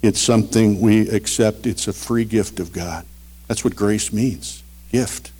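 A man preaching a short radio devotional, earnest, swinging between emphatic lines and hushed ones. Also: lowish voice, unhurried, slightly rough.

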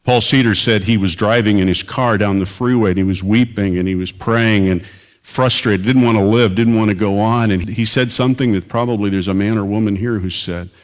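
A man's voice: fairly low pitch, steady tone, brisk. A man preaching a sermon as pastor and radio preacher, earnest and building to emphatic peaks.

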